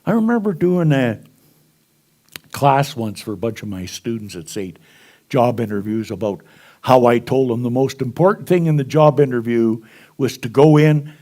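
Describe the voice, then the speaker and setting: A man's voice: medium pitch, darkish tone. A man preaching a sermon, telling stories to a congregation and acting out the dialogue with chuckles along the way. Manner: storytelling, acts out dialogue, chuckles. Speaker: minister. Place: spiritual center congregation.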